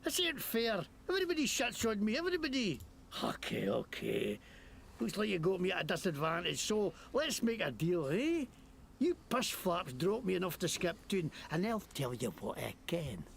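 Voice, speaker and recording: A man's voice: high-pitched, moderate pace, slight background noise, exaggerated voice. An actor playing a crude, foul-mouthed male wasteland crook with a put-on Scottish accent in a video game. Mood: blustering. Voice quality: gravelly, lively swings. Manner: brash, cursing, blustering.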